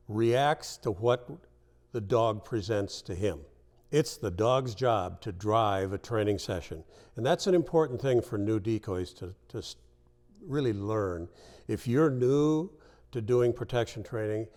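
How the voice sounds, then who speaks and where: A man's voice: fairly low pitch, a little mellow. A man introducing a dog training video clip and giving plain advice to viewers. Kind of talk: direct-to-camera introduction.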